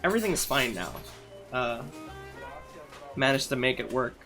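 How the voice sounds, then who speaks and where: A man's voice: medium pitch, very animated, normal speed, music in the background. A man streaming live, chatting casually and irreverently while reacting to clips on a studio microphone. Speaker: livestreamer.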